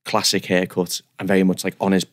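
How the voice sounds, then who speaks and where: A man, telling stories as a podcast guest in an animated, self-deprecating, rambling way. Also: sits low, fast. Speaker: guest barber. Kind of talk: casual podcast storytelling.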